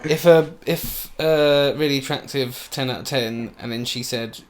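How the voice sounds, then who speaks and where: A man co-hosting a casual podcast, talking in animated, sweary bursts. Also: medium pitch, unhurried, a little hiss or hum. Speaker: podcast co-host. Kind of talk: casual banter.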